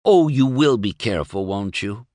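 A man reading a fussy middle-aged wife who whimpers and frets over small dangers, her voice lifted a little higher. The tone is dry and close. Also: wildly swooping pitch, normal speed, a bit bright, no echo, full character voice. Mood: fretful. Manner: pleading, fretful.

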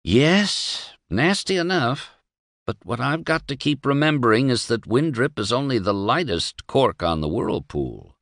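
A man's voice: medium pitch, expressive, a little slow, a bit bright, dry recording, studio quality, pitched above the performer's own voice. A man voicing a wry, worried newspaperman arguing sardonically in an audiobook. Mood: sardonic.

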